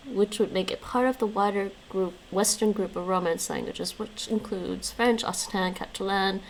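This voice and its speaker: A woman live-streaming in a casual, chatty way, thinking aloud and reading passages aloud while her voice is going hoarse. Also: mid-range voice, a little mellow, a little hiss or hum, poor audio. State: losing her voice, coughing.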